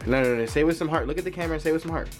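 A man's voice: a little high, rapid-fire, music in the background. A young man co-hosting a casual home vlog, joking in laid-back banter at a table. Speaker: vlogger co-host.

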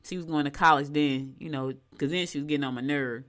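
Middle-aged woman, chatty morning co-host, lower voice, animated storyteller. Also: quick pace. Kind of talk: casual chat reading horoscopes.

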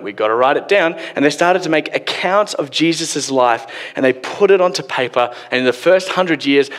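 A man's voice: on the high side, a bit bright. Joking preacher man in a reverberant church hall. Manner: casual, joking, acts out quotes. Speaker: pastor. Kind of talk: sermon.

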